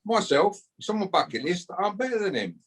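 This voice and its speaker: A brash man in his fifties rants at a rival, swearing freely and tagging his lines with a challenging "yeah?". His voice is husky and sits fairly high for a man. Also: sing-song, fast. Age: 50s. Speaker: fighter calling out a rival. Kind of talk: heated casual callout.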